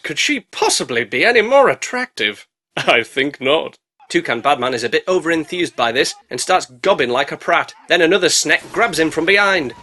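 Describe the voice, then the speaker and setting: Cheeky British man with a lively voice. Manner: cheeky, sarcastic, bursts into squeaky put-on voices. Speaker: movie reviewer. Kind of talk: comedic movie recap narration.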